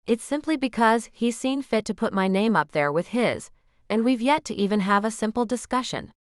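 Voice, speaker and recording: A woman narrating a romance audiobook in the first person, musing in an expressive, questioning way. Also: a little high, normal speed, no room sound, studio quality.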